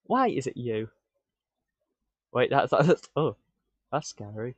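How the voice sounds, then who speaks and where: A man's voice: medium pitch, slow, breathy edge, no room sound. Man muttering to himself while streaming. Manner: muttering to himself, excitable, stammering restarts. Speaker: live-coding streamer. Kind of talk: casual live-stream self-talk. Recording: dull lo-fi stream audio, dry.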